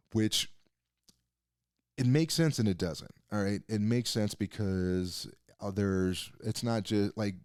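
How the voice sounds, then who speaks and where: A man's voice: low-pitched, a little mellow, dry recording. A man hosting a podcast, giving a casual, rambling film review with lots of fillers and restarts and the odd curse, close on a mic. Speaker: podcast host. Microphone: close desk mic.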